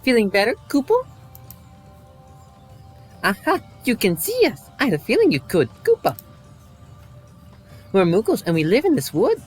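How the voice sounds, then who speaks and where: A man voicing a small, fluffy forest creature in a high, bouncy, sing-song voice. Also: huge pitch swings, moderate pace, long pauses, breathy edge, soft background music, heavily acted. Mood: chirpy.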